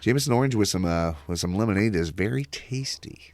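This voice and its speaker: A man's voice: lowish voice, animated, brisk, no room sound. A man appearing as a guest on a casual podcast chat. He talks in an easygoing, agreeable way.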